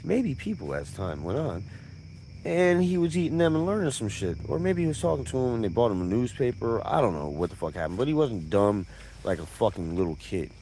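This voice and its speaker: Animated profane male storyteller. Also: medium pitch, fairly quick, slight background noise. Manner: animated, profane, conversational asides. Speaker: storyteller on live stream. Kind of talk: profane comic tall tale.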